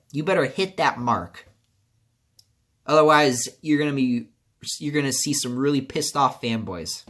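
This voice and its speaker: Animated man ranting angrily about a game. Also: fairly high pitch. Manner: angry, profane, repetitive ranting. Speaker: gaming video creator. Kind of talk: video game commentary rant.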